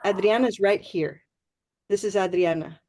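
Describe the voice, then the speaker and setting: A woman's voice: medium pitch, a little slow, darkish tone. A woman teaching an online English pronunciation class, encouraging and checking in with "okay?" often.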